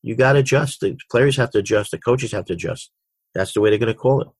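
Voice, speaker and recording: A man's voice: medium pitch, fast talker, slightly rough, no echo. A middle-aged man, a basketball coach, answering interview questions with frequent restarts and repeated words. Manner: repeats words and restarts often, tells anecdotes.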